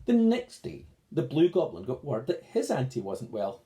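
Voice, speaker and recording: A man narrating a picture story for children, reading aloud slowly and expressively as the show's host. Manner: slow, expressive read-aloud with sweeping pitch.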